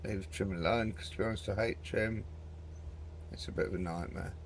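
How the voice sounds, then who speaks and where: Brief: male gaming host, chatty and rambling, a creaky voice with faint background noise. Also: on the low side, steady tone, a little fast. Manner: chatty and rambling, lots of "mate". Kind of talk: casual gameplay commentary.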